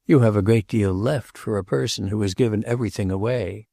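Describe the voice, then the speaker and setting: A man's voice: on the low side, fairly quick, gravelly, dark tone, no echo, clean studio sound. A man voicing a blunt Northern English young man. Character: blunt young working man, plain-spoken radical. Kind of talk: audiobook character reading.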